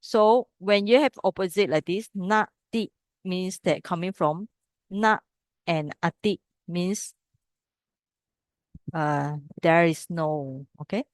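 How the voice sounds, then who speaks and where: A woman's voice: on the low side, slow pace, no room sound, clean studio sound. A woman teaching a class on reading old scripture. She explains step by step and keeps checking with the students. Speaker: Pali teacher. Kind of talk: classroom text study lesson.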